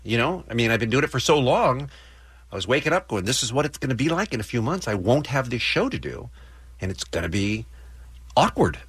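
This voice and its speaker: Brief: male radio host, american accent, husky dry voice, lively rambling delivery. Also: medium pitch, brisk, no room sound. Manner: joking, self-deprecating, rambling with restarts. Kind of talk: casual morning radio banter.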